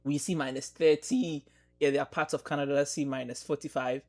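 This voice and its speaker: Man, podcast host, a bit high-pitched, supportive, casual chat. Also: fairly even intonation, a little fast, a little mellow. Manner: supportive, lots of mm-hmms and agreement. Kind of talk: casual conversation.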